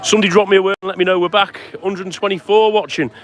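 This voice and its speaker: A man's voice: sits high, steady tone, very fast. A man live-streaming a walk outdoors, chatting and greeting viewers by name as he goes. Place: outdoors on town streets at sunset. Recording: faint outdoor street noise.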